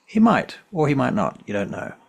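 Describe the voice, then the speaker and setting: A man's voice: medium pitch, huge pitch swings, normal speed, creaky, breathy edge. A man running a tabletop game as game master, easygoing and thinking aloud as he tallies dice.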